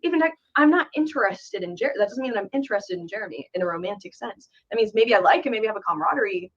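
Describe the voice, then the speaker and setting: A woman's voice: mid-range voice, animated, very fast, lo-fi sound. A young woman content creator explaining herself earnestly, with lots of fillers. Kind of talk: explaining in casual talk.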